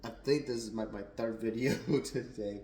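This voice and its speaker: A man's voice: mid-range voice, fairly even intonation, normal speed, mellow, echoey room, rough recording. A young adult man giving a casual, rambling whiskey tasting review at home, a little tipsy, with lots of fillers and restarts.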